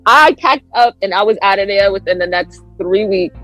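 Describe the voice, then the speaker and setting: Laughing frequently, a female podcast guest tells a lively story at a moderate pace, voicing her own lines with large pitch swings. The recording is rough, with faint music in the background.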